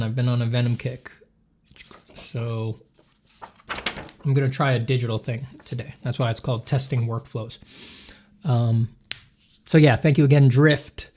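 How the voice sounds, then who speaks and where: A man draws on a livestream, chatting casually, joking, rambling and putting himself down as he thanks supporters and answers chat questions. His voice is mid-range and a little mellow, with slight background noise.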